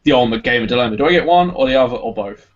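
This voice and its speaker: A man's voice: medium pitch, animated, racing. A man, chatting on a podcast about a game he enjoys, hesitant and full of restarts. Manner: rambling, hesitant, lots of ums and restarts. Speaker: podcast co-host. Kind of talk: casual chat reviewing a game. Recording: dull lo-fi podcast audio.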